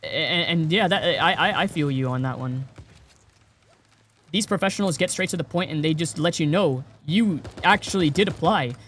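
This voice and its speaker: A man's voice: fairly high pitch, moderate pace, a bit bright, husky. A man streaming and chatting casually with viewers, rambling with many repeated words and fillers. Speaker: game streamer.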